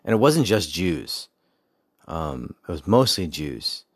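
Podcast host, young adult man, very deep voice, dry close sound, rambling storyteller with restarts. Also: sing-song, takes it slowly, husky, dry recording. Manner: rambling, with frequent restarts and asides; faith-focused reflection. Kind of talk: casual personal storytelling.

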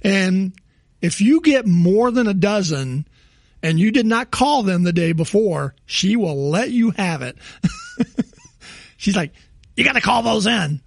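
A man's voice: high-pitched, lively intonation, slow, long pauses, darkish tone, dry recording. A man co-hosting a podcast, rambling in casual chat and laughing often. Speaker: podcast co-host.

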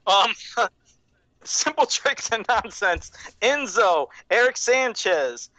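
A man hosts a live stream in a bright, animated voice, swearing casually and rambling from point to point. His voice is close and dry, with no room sound. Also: high voice, slow pace, no room sound, low-quality recording. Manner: profane, rambling, laughs often. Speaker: host of a live-streamed show. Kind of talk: casual livestream chat.

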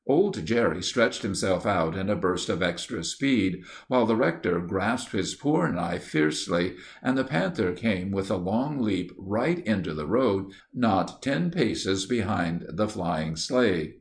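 A man narrating a storybook in a steady, measured reading voice that lifts for the dialogue. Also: on the low side, gravelly.

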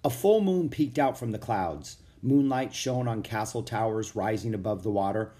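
A man narrating a children's chapter book aloud in a steady, expressive reading. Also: fairly low pitch, moderate pace. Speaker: audiobook narrator. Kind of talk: storybook read-aloud.

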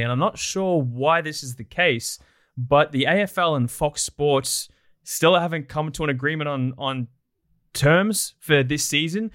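A man's voice: on the high side, fairly bright tone, no echo. Chatty Australian man, dry sound. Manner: enthusiastic, chatty. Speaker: guest, documentary producer. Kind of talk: casual interview chat.

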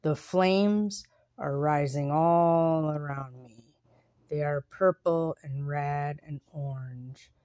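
A woman hosting a podcast, talking softly and reflectively with pauses, then reading her own writing aloud. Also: low-pitched, dry recording. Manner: soft, unhurried and reflective, with pauses. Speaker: podcast host.

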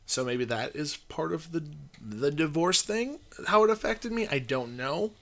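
A man's voice: a little high, animated, unhurried. A man co-hosting a podcast in casual chat, rambling and hesitant, with constant "like" fillers. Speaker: podcast co-host.

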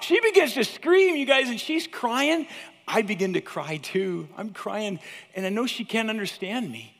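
A man in his fifties with a fairly high voice gives an animated chapel talk, telling stories and calling out "you guys" to the room. His voice carries a long reverb tail from the large hall. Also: unhurried, gravelly. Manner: animated, chatty, addresses listeners as "you guys". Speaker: teacher giving a chapel talk. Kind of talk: storytelling sermon.

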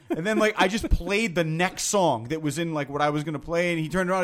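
A man's voice: on the high side, fairly quick, a bit bright. A man who works as a DJ chatting casually, laid-back, agreeing and swapping stories, swearing now and then. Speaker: podcast co-host, DJ. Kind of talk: casual chat.

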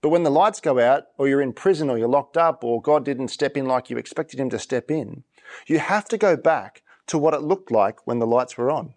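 A man's voice: mid-range voice, expressive, moderate pace, a little mellow. Male pastor, mid-range voice, conversational sermon delivery that repeats and restarts lines. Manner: conversational preaching, often repeating and restarting phrases.

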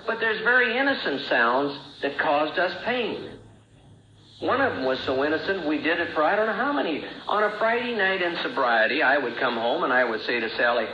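A man's voice: lively intonation, moderate pace, bright, forceful tone, a little hiss or hum. Earnest man telling his story in a roomy hall. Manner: earnest storytelling, rising and falling pitch. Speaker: recovery speaker. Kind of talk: personal testimony talk. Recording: roomy, dull old recording.

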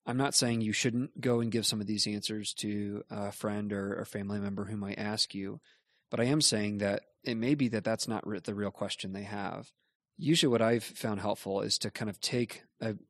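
A man, a pastor, explaining Bible questions in a measured, earnest way. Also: on the low side, fairly bright tone, no room sound. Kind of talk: Bible teaching in a question-and-answer show.

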